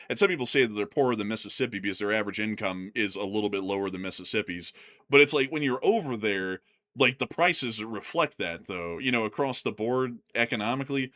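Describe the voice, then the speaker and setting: A bright-voiced American man in loose, rambling conversation. His pitch swings widely as he talks. He fills his sentences with "like" and "man" and laughs between them. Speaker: co-host of a news commentary channel. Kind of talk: casual chat.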